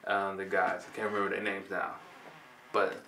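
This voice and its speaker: A deep-voiced man in his twenties, from Compton, California, shares a personal story casually and with slang, voicing the dialogue as he goes. His delivery is flat at a moderate pace, and his tone is creaky, bright and forceful. A little hiss or hum accompanies the roomy audio, recorded from a distant mic.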